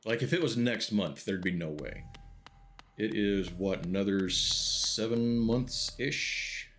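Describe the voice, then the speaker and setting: Very deep-voiced man streaming a game. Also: slow, slight background noise. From American Midwest. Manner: relaxed, wry, muttering to himself between remarks. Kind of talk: casual gameplay commentary chatting with viewers.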